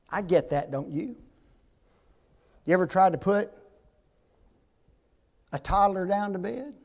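Slow, high-voiced man preaching. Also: animated. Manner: emphatic, rhetorical questions, big swings in loudness. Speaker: pastor. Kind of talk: sermon. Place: church.

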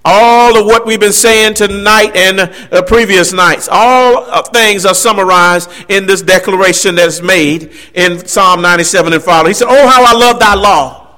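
A man's voice: high voice, sharp tone. A man preaching a sermon, emphatic, with rising and falling delivery and asides to the congregation.

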